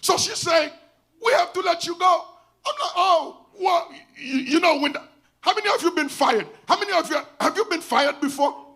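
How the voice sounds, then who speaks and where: This pastor, a middle-aged man with a Haitian accent, delivers a story-driven sermon at a normal speed in a very high-pitched voice. He moves from one language to another and raises his voice to a shout for emphasis.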